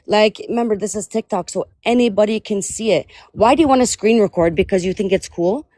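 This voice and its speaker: A woman's voice: medium pitch, a little fast, warm tone, dry recording. Woman guest on a live, mid voice, rambly, says like a lot. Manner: rambling, many fillers like "like". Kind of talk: casual live chat.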